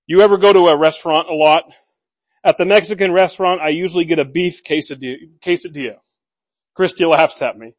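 A pastor preaching a sermon in a church, earnest and conversational, hammering home repeated words and dropping in quick humorous asides. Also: male voice, high voice, expressive.

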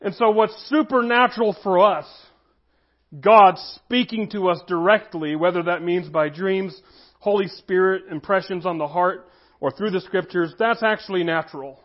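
A man preaching a sermon as pastor, earnest, slowing down to stress key phrases. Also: high voice, dull audio.

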